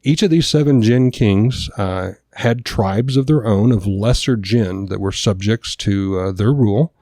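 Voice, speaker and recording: Man, podcast co-host, casual discussion, reads notes aloud, warm tone, dry sound. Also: on the low side, a little slow, dry recording. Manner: reads notes aloud, stumbles over names.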